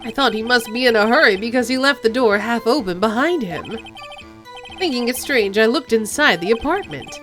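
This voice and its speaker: A woman's voice: fairly high pitch, lively intonation, moderate pace, fairly bright tone, faint music behind. A woman voicing an eager, jittery male newspaper seller giving testimony in a game. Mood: dramatic. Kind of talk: game voice-over.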